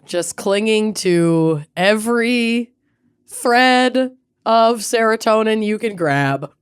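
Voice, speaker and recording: Deadpan woman, clear voice. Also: fairly high pitch, slow pace. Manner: dry, deadpan humor, laughs often. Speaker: podcast co-host. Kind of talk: casual chat between friends.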